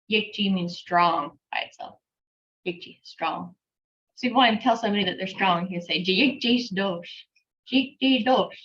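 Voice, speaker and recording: A woman teaching an online language class, patiently breaking words into syllables and repeating them slowly, with a light laugh now and then. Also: medium pitch. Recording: dull lo-fi class recording.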